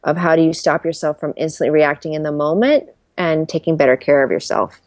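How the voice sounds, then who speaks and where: Her voice is low-pitched and brisk, and the recording is dry. She's a career strategist in her thirties chatting casually as an interview guest, a candid, lively storyteller who acts out the quotes she relays.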